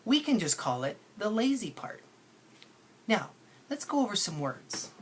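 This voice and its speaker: A woman's voice: medium pitch, sing-song, unhurried, a little hiss or hum. A woman teacher giving a phonics lesson to children, patient and playful, stretching out sounds to show how words are said.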